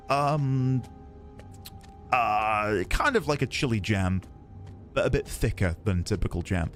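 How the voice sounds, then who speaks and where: A man's voice: lowish voice, lively intonation, measured pace, soft background music. A British man casually chatting and rambling while streaming a game, laughing easily and answering his chat. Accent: British English. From United Kingdom.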